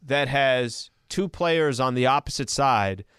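A man's voice: mid-range voice, expressive, slow pace, fairly bright tone, clear, resonant tone, dry recording, studio quality. A man co-hosting a sports talk radio show, speaking casually with hesitant restarts.

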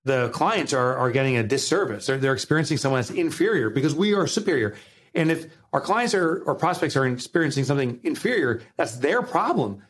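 A man with a New Jersey accent, a guest author on a podcast, telling stories with animated, acted-out quotes. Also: on the high side, breathy edge. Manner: animated storytelling, acts out quotes. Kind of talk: podcast interview.

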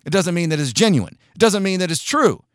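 A man's voice: sits high, expressive, dry recording, studio quality. A man giving a blunt, sarcastic opinion monologue, swearing casually and restarting phrases as he talks. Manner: halting restarts, mocks others with shouted put-on outrage. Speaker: commentator.

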